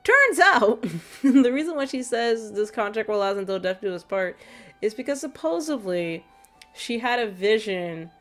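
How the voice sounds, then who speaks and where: A woman's voice: on the high side, lively intonation, a little slow, fairly bright tone. Chatty woman streamer with faint music. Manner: chatty, laughs often, reads chat aloud. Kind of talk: casual gameplay commentary. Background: faint background music.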